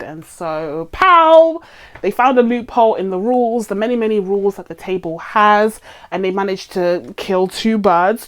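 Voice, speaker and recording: A woman hosting a film review channel, chatting casually and animatedly to her viewers, often laughing as she talks. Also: medium pitch. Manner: talks straight to viewers, teasing.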